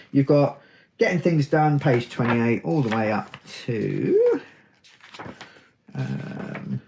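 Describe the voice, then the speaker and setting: A man's voice: mid-range voice, darkish tone, a little hiss or hum. Chatty British man unboxing a game. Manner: chatty, reading aloud with dry asides. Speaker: host unboxing a tabletop game. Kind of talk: casual unboxing commentary.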